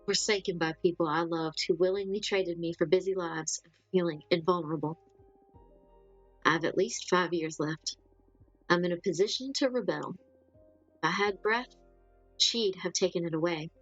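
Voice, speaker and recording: A woman voicing a fragile, lost female ghost in a game, reading slowly and quietly. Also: on the low side, fairly even intonation, highs cut off, faint music behind, natural voice. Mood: melancholy. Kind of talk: reading game dialogue aloud.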